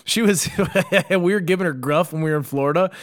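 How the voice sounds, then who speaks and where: A man co-hosting a podcast, telling a story in casual, animated chat and acting out the people in it. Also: fairly high pitch, fairly quick. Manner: animated, acts out quotes, swears a lot. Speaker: podcast co-host.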